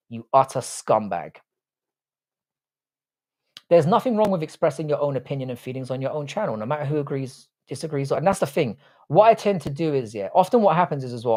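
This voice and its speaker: A man's voice: mid-range voice, darkish tone. Blunt, swearing man hosting a stream. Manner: blunt, swears freely, rambling with restarts. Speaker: livestream host. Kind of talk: casual live chat reading comments.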